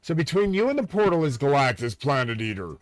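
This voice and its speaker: Speaking fast at medium pitch with big swings in his voice, a man rants on a live stream, addressing viewers directly in a profane, agitated, grandiose way. There's no room sound, but loud music plays in the background.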